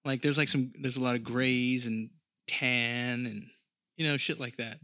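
A man's voice: mid-range voice, steady tone, unhurried, bright, forceful tone, no echo. Profane, rambling man on a dry mic. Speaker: podcast host. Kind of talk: casual monologue.

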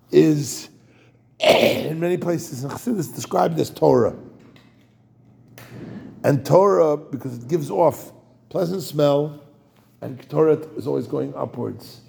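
A man's voice: a little high, gravelly, darkish tone, husky. A man giving an informal Torah talk as a rabbi, jokey and digressive, and turning to ask his listeners questions.

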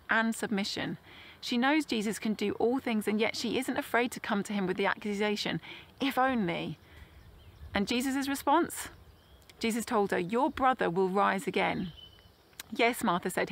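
A woman preaching in an earnest, gentle way. Her voice sits at a middling pitch, and she slows right down on the phrases she wants to land. She reads scripture passages with quiet weight. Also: gravelly. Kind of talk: sermon.

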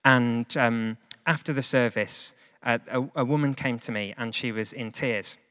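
Male preacher, chatty sermon delivery, mid pitch, long hall reverb. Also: steady tone, measured pace, bright, forceful tone. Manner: conversational, plain-spoken, with fillers and asides.

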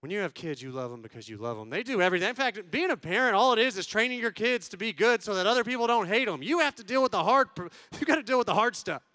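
A man in his thirties tells stand-up stories about fatherhood in a high, very lively voice. His tone is bright, and the sound is close and dry. He jumps from loud acted-out lines to hushed asides. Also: quick pace, few pauses, dry recording. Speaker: stand-up comedian. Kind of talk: stand-up storytelling.

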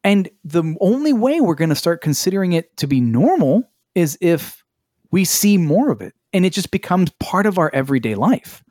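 Animated man telling a story, dry sound. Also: high-pitched, normal speed, no echo. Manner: animated, swears casually, acts out quotes. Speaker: podcast co-host. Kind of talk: casual chat, storytelling.

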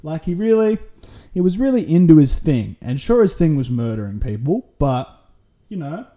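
A man's voice: on the high side, sing-song, moderate pace, warm tone. A man with an Australian accent hosting a solo podcast, rambling through a casual, sweary monologue full of tangents. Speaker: podcast host.

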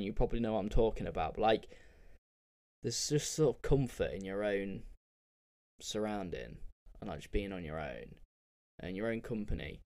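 A man's voice: mid-range voice, a little mellow. Rambling, sweary young man. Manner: rambling and candid, with frequent fillers and swearing. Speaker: podcast host. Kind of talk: casual solo storytelling.

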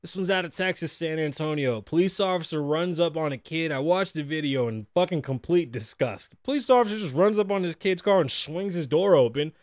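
A man with a high-pitched voice hosts a casual studio talk show, recorded close and dry with almost no room sound. He rants loosely and swears often. He acts out other people's lines in sudden loud bursts. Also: brisk, few pauses, no room sound. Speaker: podcast host.

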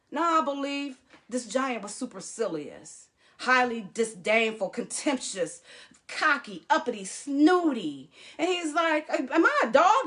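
A woman pastor preaching a sermon, animated and calling out to the congregation. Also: fairly high pitch. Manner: animated preaching, calls out to the congregation, acts out voices.

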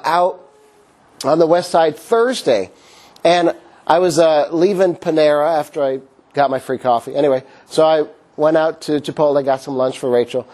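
A middle-aged man with a slightly high voice preaches in a relaxed, conversational way. He drifts into everyday stories and talks to the room like friends. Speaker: pastor. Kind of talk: sermon.

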